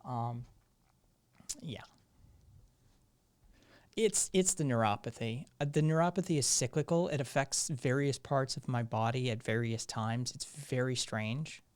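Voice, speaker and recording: A man hosting a live stream, his voice still hoarse, talking in a rambling, sardonic way and swearing freely. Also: mid-range voice, a little slow, pauses often, darkish tone. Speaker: live-stream show host. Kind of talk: casual live-stream commentary.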